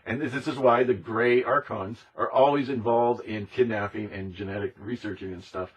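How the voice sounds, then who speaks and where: A man's voice: mid-range voice, steady tone, normal speed, breathy edge, lo-fi sound. A man delivering an impassioned, emphatic monologue, repeating himself and now and then mimicking other people's voices. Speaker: speaker on conspiracy topics.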